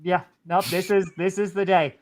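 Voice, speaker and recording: A breathless man with a high, light voice hosts a loose sports chat while sweating inside a costume. He stumbles through restarts and pokes fun at himself. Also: little pitch movement, normal speed. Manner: rambling, self-mocking, stammering restarts. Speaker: podcast host.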